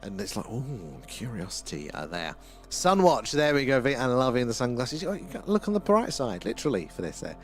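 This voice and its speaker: A man's voice: mid-range voice, sing-song, fast, few pauses, faint music behind. Chatty English man hosting a live stream. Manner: chatty and rambling, reads out chat names, laughs often. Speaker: livestream host. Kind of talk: live stream chat reading viewer comments.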